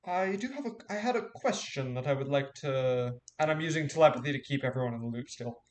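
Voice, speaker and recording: A man's voice: mid-range voice, lively intonation, fast talker. A man playing a tabletop game, asking questions eagerly. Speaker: player. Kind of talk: casual tabletop game chat.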